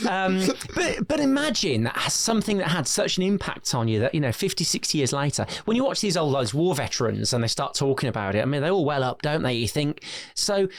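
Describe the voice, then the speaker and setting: A man's voice: fairly high pitch, very animated, fairly quick, few pauses. Man telling family stories. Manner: anecdotal, self-deprecating, laughs while telling stories. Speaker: business founder, guest. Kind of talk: conversational storytelling.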